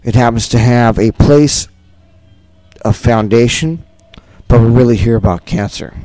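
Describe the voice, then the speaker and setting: Earnest, impassioned man with a mellow voice. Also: mid-range voice, unhurried, dry recording, soft background music. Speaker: concert producer. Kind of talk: festival interview.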